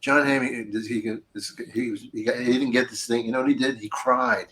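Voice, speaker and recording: A man's voice: mid-range voice, steady tone, quick pace, a bit bright. An older man hosting a podcast in casual chat, a rambling, profane storyteller who laughs easily. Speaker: podcast host.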